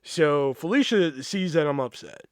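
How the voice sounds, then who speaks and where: A man hosting a podcast, telling a story in a casual, animated, profane way and acting out the quoted voices. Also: on the high side, unhurried, clean tone, no room sound, studio quality. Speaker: podcast host.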